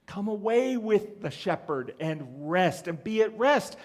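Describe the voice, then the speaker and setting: A man's voice: high voice, very animated, measured pace. A man preaching a sermon as pastor, asking rhetorical questions and chuckling as he goes.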